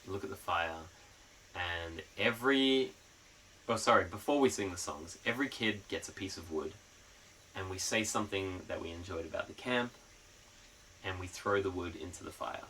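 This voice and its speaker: A man's voice: deep voice, normal speed, bright, forceful tone, recorded from a distance, slight background noise, poor audio. A young man streaming a casual chat, rambling with lots of fillers and freely swearing.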